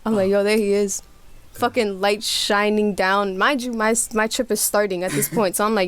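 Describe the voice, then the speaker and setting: A woman's voice: mid-range voice, a little fast, a little hiss or hum. Slangy young woman telling a wild story. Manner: animated storytelling with voiced quotes, slangy and profane. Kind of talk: casual chat.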